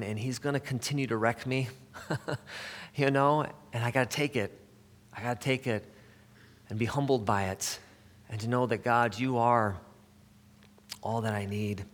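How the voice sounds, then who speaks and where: Delivering a sermon in a large hall, a man with a mid-range voice speaks conversationally and haltingly. He uses many fillers and restarts, occasionally dropping to a soft near-whisper to emphasize a point.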